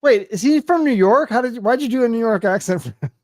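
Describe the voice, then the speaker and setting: High-voiced chatty man hosting. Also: animated, fast talker, darkish tone, no room sound, studio quality. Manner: enthusiastic, chatty, swears casually. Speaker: podcast host. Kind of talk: casual chat.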